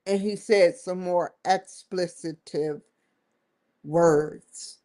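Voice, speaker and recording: This show host speaks very slowly in a lowish, slightly mellow voice. Her opinion commentary is emphatic and rambling, looping back to restate the same points.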